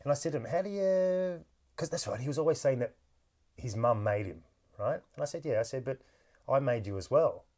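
A man's voice: medium pitch, expressive, a little fast, a little mellow. A man hosting a podcast interview, telling stories in a chatty way with lots of restarts and easy laughter, into a podcast microphone. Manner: chatty storyteller, laughs easily, many restarts. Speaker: podcast host. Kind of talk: casual interview chat.

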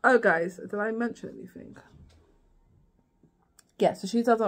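A woman's voice: on the high side, unhurried. A woman vlogging a casual, rambling recap of a TV series, full of "like" and "girl" asides.

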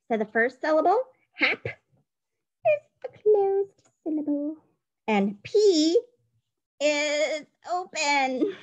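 A woman teacher giving a recorded phonics dictation lesson, playful and spelling things out clearly. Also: sits high, low-quality recording.

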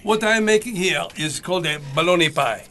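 Man, radio regular, high voice, bright tone, faint background noise, showy cooking demo. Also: expressive, fairly quick. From Canada. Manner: earnest, showman-like, stumbling over words.

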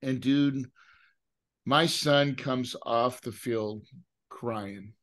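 A man's voice: mid-range voice, extremely slow, fairly bright tone. Middle-aged man telling an emotional story. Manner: casual, repeats words, often asks "right?". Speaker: guest, real estate investor.

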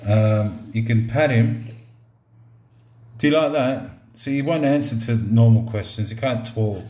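Middle-aged man, unhurried casual reviewer, joking and chatting to a gadget, recorded in a roomy echoing room. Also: medium pitch. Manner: relaxed, joking, talks to the robot like a pet. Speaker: product reviewer. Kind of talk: casual product review vlog. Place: indoors at a table or counter.

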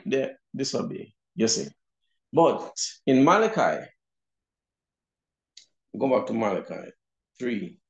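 A man's voice: medium pitch, creaky, lo-fi sound. A man with a Jamaican accent teaching a Bible class, emphatic and often asking "you see?". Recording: roomy echo.

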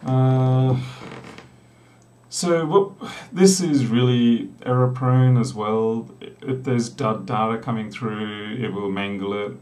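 A middle-aged South Australian programmer rambles casually while live coding on stream, tossing in joking asides. His medium-pitched voice is steady, slow and darkish, picked up by a distant mic in a small, echoey room with a door.

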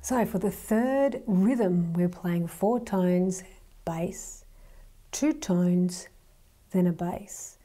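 Slow-paced woman teaching hand drumming. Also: medium pitch, warm tone. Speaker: drum teacher.

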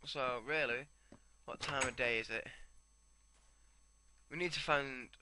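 A man's voice: medium pitch, takes it slowly, noisy background. A young man rambling to himself as he comments on his own gameplay. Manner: rambling, talks to himself while playing.

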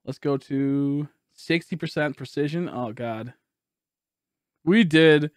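A young man streaming a video game live, loud and exasperated, laughing and swearing as he talks to his chat. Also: on the high side, slow pace, no echo, clean studio sound.

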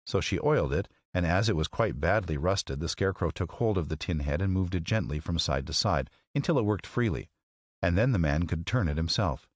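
A man narrating a classic children's story as an audiobook, with an expressive, measured reading. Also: deep voice, no room sound.

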